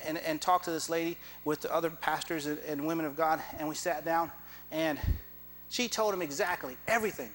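Guy preaching, pretty high voice, tells stories w little laughs, big echoey church. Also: a bit bright, slight background noise. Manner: storytelling with quoted dialogue, chuckling asides. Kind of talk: sermon.

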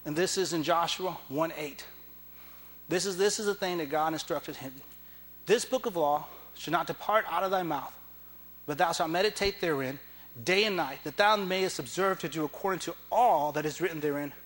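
Preacher guy in church, high voice, real bright, gets loud and fired up. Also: moderate pace. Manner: impassioned, rising to loud emphatic peaks; acts out biblical figures in dramatic dialogue. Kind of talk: sermon.

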